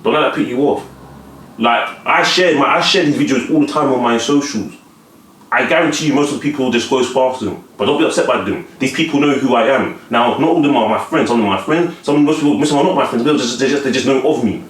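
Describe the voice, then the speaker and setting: A man's voice: mid-range voice, fast talker. A man giving casual advice straight to camera, repeating and restarting words and often asking whether the listener follows him. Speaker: vlogger giving life advice. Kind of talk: casual motivational monologue to camera. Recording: echoey room.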